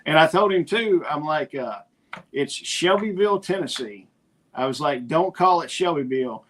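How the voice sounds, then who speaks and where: A man's voice: fairly high pitch, normal speed. A middle-aged man, co-hosting a podcast and retelling conversations in casual chat. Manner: storytelling, animated retelling of conversations. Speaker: podcast co-host.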